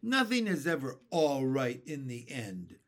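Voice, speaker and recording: A man's voice: fairly high pitch, animated, a little slow, pitched above the performer's own voice. A man voicing a gloomy, grumbling blind earthworm. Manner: complaining, doom-laden.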